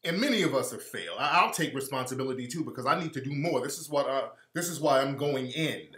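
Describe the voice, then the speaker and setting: A man's voice: mid-range voice, quick pace, a bit bright. Emphatic preachy man in an echoey room. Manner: preachy, emphatic, repeats points. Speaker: live-stream host. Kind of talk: heated live-stream commentary.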